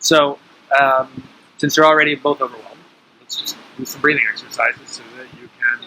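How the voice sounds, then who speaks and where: A man's voice: mid-range voice, fairly even intonation, moderate pace, pushed and bright, low-quality recording. A man teaching breathing awareness to a small group in a casual, coaching way, often checking in with his listeners. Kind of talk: casual instructional talk.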